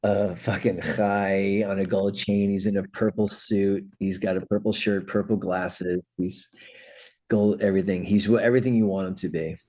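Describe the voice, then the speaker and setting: Deep-voiced man telling a rowdy story. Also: moderate pace. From New York City. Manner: animated anecdotes, acts out quoted voices, swears freely. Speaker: guest, punk band vocalist. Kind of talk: casual storytelling.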